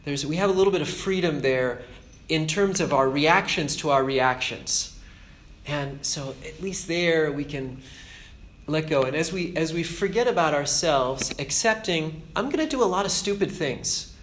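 Man, preacher, informal spiritual talk, earnest, self-deprecating, fairly high voice, roomy echo. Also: a little slow, a bit bright, slight background noise. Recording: roomy echo with faint ambience.

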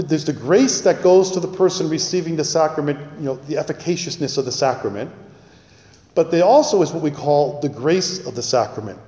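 Rambling priest in an echoey hall. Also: male voice, fairly high pitch, darkish tone. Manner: rambling, halting storytelling with frequent restarts. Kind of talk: informal talk on prayer and sacraments. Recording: echoey room with long reverb.

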